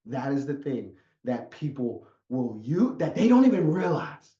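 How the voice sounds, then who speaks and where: A man's voice: medium pitch, very animated, slow, a little mellow. A man coaching an online audience with an emphatic, repetitive storytelling delivery, heard over a video call. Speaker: life coach. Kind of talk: motivational talk. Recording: echoey, muffled sound.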